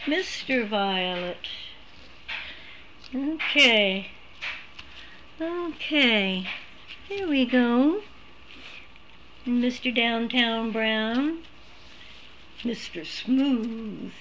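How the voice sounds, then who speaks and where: A woman talks on her phone to a live audience, drawing out her words slowly. Her bright, sharp voice sits slightly high as she coos baby talk at a litter of puppies. A faint hiss of noise runs underneath. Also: lively intonation. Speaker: service dog puppy caretaker streaming a litter. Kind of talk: casual live stream chat.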